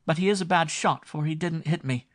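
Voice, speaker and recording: A man's voice: a little high, normal speed, darkish tone, pitched above the performer's own voice. A man voicing a spirited young woman who teases playfully. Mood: arch, playful. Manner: playful, arch teasing. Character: teasing spirited young woman, gentle and arch.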